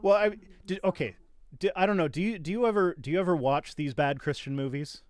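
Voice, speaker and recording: A man hosting a casual podcast chat, telling stories in a sarcastic, animated way with lots of restarts. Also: a little high, brisk, clear, resonant tone, no room sound, clean studio sound. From Canada. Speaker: podcast host. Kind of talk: casual chat reacting to tweets.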